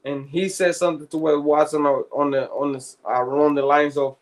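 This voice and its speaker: Brief: man, podcast co-host, loose profane storyteller, fairly high voice. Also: little pitch movement, fairly quick. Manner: profane, slangy, laughs often. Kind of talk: casual chat, storytelling.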